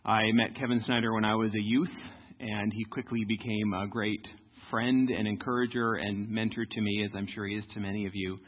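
A man with a fairly low voice steps up as a guest preacher. He opens his sermon in a friendly, casual way. The recording is thin and phone-like. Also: little pitch movement, a little fast, few pauses. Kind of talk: sermon opening. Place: church. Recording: tinny church recording.

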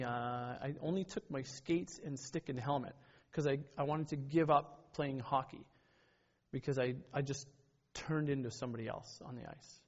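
A middle-aged man preaching a sermon in an earnest, conversational way, with personal stories and frequent self-corrections. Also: fairly high pitch. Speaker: pastor. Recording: dull lo-fi sermon recording.

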